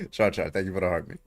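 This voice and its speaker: A man with a notably low, deep voice hosts a casual livestream debate. He is brash and hyped, swears freely and fires questions at callers. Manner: hyped, brash, profane, calls out viewers.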